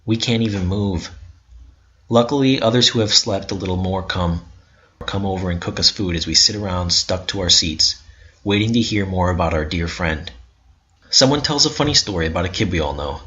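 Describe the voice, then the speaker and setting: A man's voice: low voice, moderate pace, pushed and bright. A man giving an intense, bitter first-person narration of a story. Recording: dull lo-fi recording.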